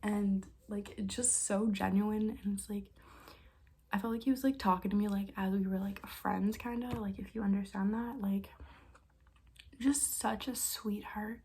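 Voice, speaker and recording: A woman's voice: mid-range voice, mellow, slightly rough. A young woman from Canada telling a casual storytime as a vlogger, chatty with lots of filler words and often half-whispering.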